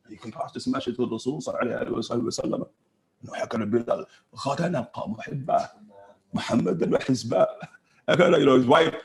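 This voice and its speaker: High, lively man teaching in an echoey room. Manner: lively, acts out voices, laughs often. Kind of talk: animated religious lesson.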